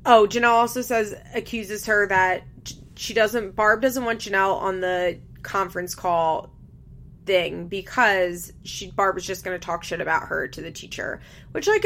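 A woman's voice: mid-range voice, expressive, moderate pace, a bit bright. A young woman chatting casually as she recaps a reality show, candid, laughing often and swearing freely. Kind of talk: casual chat.

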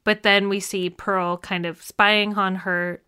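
A woman's voice: mid-range voice, little pitch movement, slow pace, pushed and bright, smooth. A woman co-hosting a podcast, chatting casually about a film with many fillers and frequent laughs. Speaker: podcast co-host.

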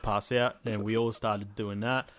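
A man's voice: on the low side, level tone, unhurried, a bit bright. A young man telling a rambling, sweary gaming story in casual chat, slipping into jokey voices.

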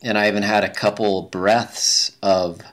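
Male interview guest, lower register, relaxed rambling storyteller. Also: unhurried. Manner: relaxed, rambling, many fillers and restarts. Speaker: guest, big-mountain skier.

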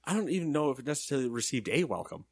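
A man's voice: mid-range voice, rapid-fire, no room sound, clean studio sound. A young man co-hosting a casual gaming news podcast, joking and laughing often as he reads stories. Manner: jokey, animated, laughs often. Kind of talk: casual chat.

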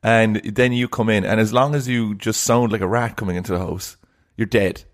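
A man's voice: lowish voice, steady tone, moderate pace. A man co-hosting a podcast, chatting casually, teasing and skeptical. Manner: skeptical, teasing, laughs often. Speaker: podcast co-host. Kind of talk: casual chat.

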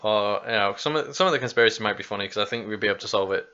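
A young man co-hosting a casual podcast talks very fast, his voice on the low side with a sharp tone. He rambles, jokes, and laughs a lot, and the lo-fi recording sounds slightly dull.

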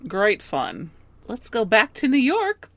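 A woman co-hosting a podcast in casual chat, relaxed and dry in manner, going through her notes. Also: on the high side, slow, no room sound. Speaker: podcast co-host.

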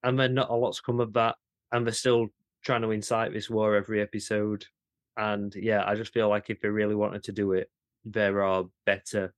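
A man co-hosting a podcast in casual chat, animated and incredulous, with some swearing and restarts. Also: lowish voice, dry recording. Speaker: podcast co-host.

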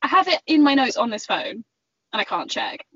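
A young woman, chatting on a podcast and acting out an animated story with lots of giggles. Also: a little high, a little fast, husky, dry recording. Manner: animated, giggly, acts out quoted voices. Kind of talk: casual storytelling chat. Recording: slightly muffled, dry sound.

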